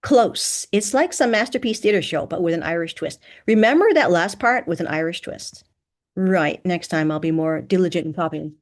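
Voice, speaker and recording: A woman's voice: fairly low pitch, normal speed, natural voice. A woman voicing a sarcastic, chatty nineteen-year-old American college girl in an audiobook, teasing and emphatic. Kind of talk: audiobook character voice.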